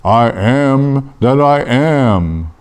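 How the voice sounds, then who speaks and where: A solemn divine voice from a burning bush, put on by a man, speaking slowly and deliberately. Each word is drawn out with gravity. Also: medium pitch, animated, darkish tone, clean tone. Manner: slow and solemn.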